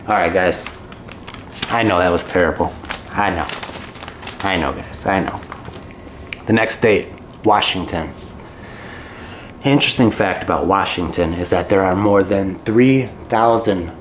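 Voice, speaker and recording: A man's voice: fairly low pitch, slight background noise. A man from the American Midwest with a General American accent, giving a chatty English lesson for learners and often checking in with "okay" and "guys". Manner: chatty, repeats "okay" and "guys", drops in Spanish glosses. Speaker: English teacher. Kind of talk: casual video lesson for learners.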